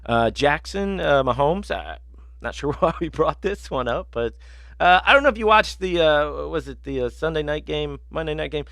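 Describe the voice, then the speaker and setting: A man's voice: a little high, lively intonation, moderate pace, creaky, fairly bright tone, dry recording, clean studio sound. A man hosting a sports betting podcast, telling rambling, profane stories in casual chat with lots of fillers.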